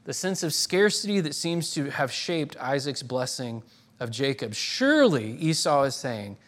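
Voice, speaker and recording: A man's voice: mid-range voice, very animated, a little slow, a bit bright. A man preaching a sermon in a conversational way, restarting phrases and reading quoted lines with dramatic force.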